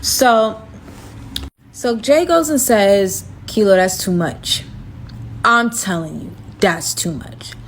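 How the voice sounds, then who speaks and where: A woman recounting a wild date in a relaxed storytime manner. Her delivery is animated and dramatic, leaping upward when she acts out her own reactions. A faint hiss sits under the voice. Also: takes it slowly. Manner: animated, dramatic, jumps high when quoting herself. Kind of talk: casual storytime.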